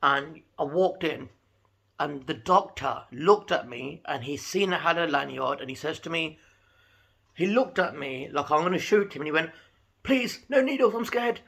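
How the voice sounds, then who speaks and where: A man telling a chatty, animated story to camera from his home. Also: a little high, normal speed, gravelly, breathy edge. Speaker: vlogger. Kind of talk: casual talking-to-camera vlog.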